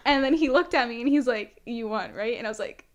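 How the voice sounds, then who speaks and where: Rapid, excitable teenage girl storyteller. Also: a little high, crowd noise. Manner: excitable, packed with filler "like". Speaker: student trustee guest. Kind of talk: casual storytelling chat.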